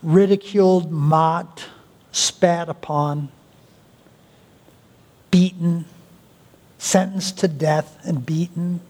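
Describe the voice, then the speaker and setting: A male pastor preaching a sermon, with deliberate pauses and an emphatic delivery. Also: fairly high pitch, fairly even intonation, darkish tone. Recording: long hall reverb.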